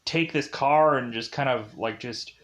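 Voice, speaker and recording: A man's voice: medium pitch, a little slow, a bit bright, pitched below the performer's own voice, natural voice. A man voicing a movie hitman as a casual, exasperated dude who rambles with lots of fillers. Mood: restless. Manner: rambling, filler-heavy valley-ish phrasing.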